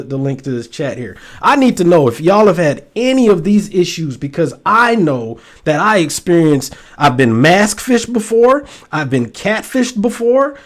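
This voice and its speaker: A man, pitched a little high, hosts a loose, joking livestream from a computer setup at home. He talks straight to his viewers, animated and playful, often throwing in exaggerated voices for effect. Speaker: host. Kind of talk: casual livestream chat.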